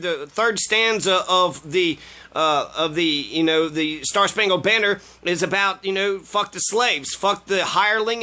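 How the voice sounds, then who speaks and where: Sex: man. Role: political commentator. Style: profane ranting commentary. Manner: sarcastic, swears constantly. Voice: high, bright. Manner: sarcastic, heavy swearing, trails off in fillers.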